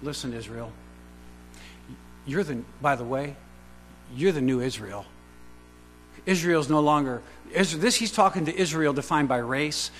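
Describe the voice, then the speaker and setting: A fairly high-voiced man delivers a sermon, dropping to hushed asides and then rising to loud, emphatic declarations. He fires rhetorical questions at his listeners. The sound rings with a long hall reverb over a faint mains hum. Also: animated, moderate pace. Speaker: pastor.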